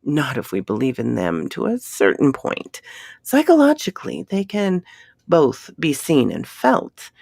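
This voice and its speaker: A woman's voice: deep voice, huge pitch swings, unhurried, vocal fry, a little mellow, slightly rough, dry recording, studio quality, heavily acted. A woman voicing a tired but determined male space explorer who speaks earnestly and urges his partner on. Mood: calm.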